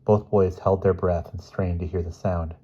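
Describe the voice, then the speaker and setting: Low, husky male reader for a children's book, steady. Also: moderate pace. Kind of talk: reading a children's novel aloud. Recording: dull lo-fi recording.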